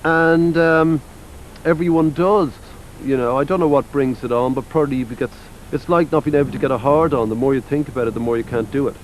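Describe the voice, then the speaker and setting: An Irish musician in his forties, with an Irish accent, talks in a casual interview, rambling, blunt, and swearing freely with plenty of "you know" fillers. His medium-pitched voice is a little fast, and the poor audio has a slight hiss or hum.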